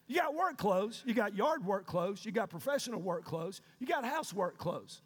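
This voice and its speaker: High-voiced shouting preacher in a hall. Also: male voice, lively intonation, moderate pace, hardly any pauses. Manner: preaching with loud shouted call-and-response. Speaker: pastor. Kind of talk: sermon. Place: church sanctuary. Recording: long reverb of a large hall.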